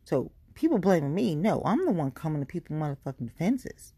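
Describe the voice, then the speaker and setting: Woman podcaster, blunt and profane, warm low voice, dry close sound. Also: big pitch swings, a little fast, breathy edge, no room sound. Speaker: podcast host. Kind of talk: casual ranting monologue.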